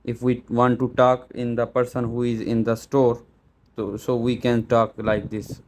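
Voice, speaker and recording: A man's voice: mid-range voice, level tone, a little slow, a little mellow. A man walking viewers through setting up a camera step by step, hesitant with many fillers and restarts. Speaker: tech tutorial presenter. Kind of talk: step-by-step setup walkthrough. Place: small store.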